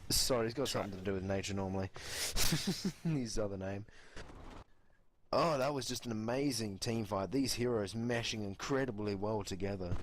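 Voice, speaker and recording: A man's voice: lowish voice, moderate pace, slight background noise. An Australian man giving casual color commentary on a video game match. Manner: casual, chatty analysis. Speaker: esports co-caster.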